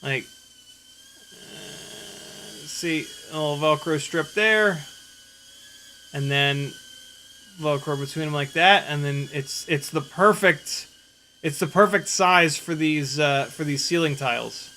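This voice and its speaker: A man talks casually while piloting a small drone on a live stream. His pitch swings a lot and he speaks slowly and loosely, full of fillers. He often bursts into laughter and curses freely. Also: slight background noise. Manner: laughing hard and exclaiming, swearing freely; relaxed, rambling, with fillers.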